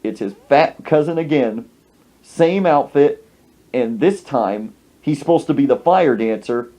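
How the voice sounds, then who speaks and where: Animated man telling a comic story. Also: mid-range voice, measured pace. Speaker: podcast host. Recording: dull lo-fi recording.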